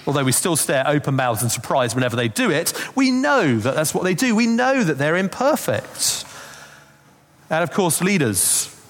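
A man's voice: a little high, sing-song, normal speed. A man preaching a Christmas sermon, telling stories in a conversational way with asides. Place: church. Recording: long reverb of a church hall.

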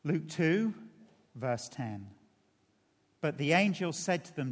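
Man, middle-aged, preacher, earnest sermon, slightly high voice, long church reverb. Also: big pitch swings, slow, long pauses. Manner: earnest, building to emphatic climaxes then dropping quiet. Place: large church hall.

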